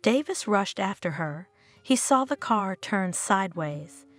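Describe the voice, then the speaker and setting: Woman narrating a story with lively pitch. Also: measured pace. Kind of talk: scripted narration. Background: faint guitar music.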